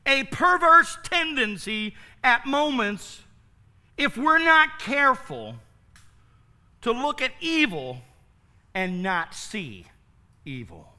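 Man pastor mid-sermon, lively high voice, pressing and repeating points. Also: takes it slowly, long pauses. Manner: emphatic, repetitive preaching with rhetorical questions.

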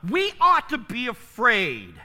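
Man pastor mid-sermon, lively high voice, pressing and repeating points. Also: takes it slowly. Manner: emphatic, repetitive preaching with rhetorical questions.

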